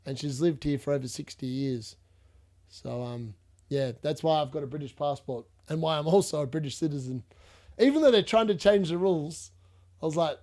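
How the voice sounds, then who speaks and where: Hosting a casual fantasy football live stream, a man from Perth, Western Australia chats and rambles with his viewers, blunt and quick to laugh. His voice runs on the high side, with a brisk pace and a warm tone.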